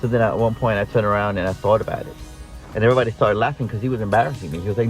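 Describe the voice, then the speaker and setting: A man hosting a casual talk show, telling a personal story in an animated way and acting out the people in it, with casual swearing. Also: lowish voice, racing, soft background music, poor audio. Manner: animated, acts out quoted voices, swears casually.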